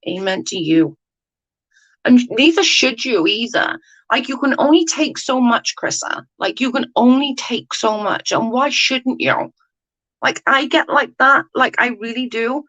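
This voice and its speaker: A woman's voice: fairly low pitch, vocal fry, fairly bright tone, poor audio. A woman hosting a casual live chat with viewers, blunt and sweary, ranting with lots of "like" fillers. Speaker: livestream host chatting with viewers.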